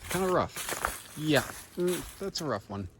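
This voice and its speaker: This man's voice sits on the high side with big pitch swings and a measured pace, and there's background noise. Outdoors on a mountain trail during a long-distance hike, he vlogs into a handheld camera, easygoing and rambling as he thinks out loud.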